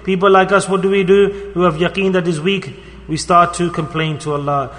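A man's voice: high-pitched, flat delivery, a little fast, a bit bright. A man delivering a sermon, telling a story with emphatic, rising and falling delivery. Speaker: preacher. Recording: long hall reverb.

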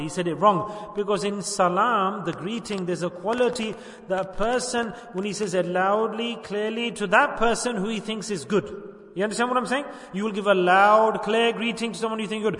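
A high-voiced man preaches a sermon, stopping often to ask his listeners whether they understand. He sounds far from the mic, and his voice rings through a large hall with a long, roomy reverb. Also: sharp tone. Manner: preaching with repeated rhetorical questions. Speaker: religious teacher.

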